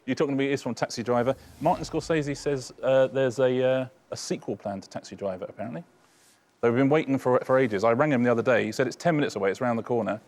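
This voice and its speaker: A man co-hosting a quiz show from a studio desk, with a mid-pitched voice. His delivery is dry and low-key, sliding into deadpan quips with a few hesitant fillers. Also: fast. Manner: dry, quipping, slightly rambling with fillers. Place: television studio.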